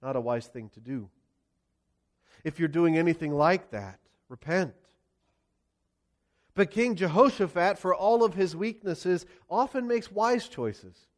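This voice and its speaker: Lively high-voiced male preacher. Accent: Pennsylvania. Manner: expressive storytelling preacher, rhetorical questions. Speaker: pastor. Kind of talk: sermon.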